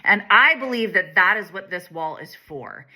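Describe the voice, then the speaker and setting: Young woman wellness coach, bright tone, earnest flowing delivery, casual cursing. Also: mid-range voice, lively intonation, normal speed. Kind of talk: intimate motivational monologue.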